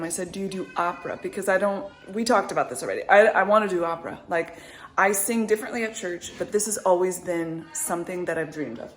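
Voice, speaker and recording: This mother and vlogger in her thirties talks casually to her audience, cheerful and meandering, peppering her speech with likes and ums. She has a mid-range voice.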